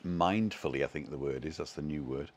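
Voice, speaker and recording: Deep-voiced man chatting on a live stream. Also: brisk, darkish tone, a little hiss or hum. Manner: chatty and self-deprecating, reading out viewer comments. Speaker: vlogger hosting a live stream. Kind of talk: casual live-stream chat. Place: at home.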